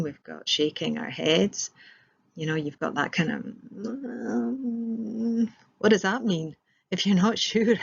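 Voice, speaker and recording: Husky lower-voiced woman explaining. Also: lo-fi sound. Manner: explanatory, with rhetorical questions and fillers. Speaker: trainer. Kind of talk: recorded presentation.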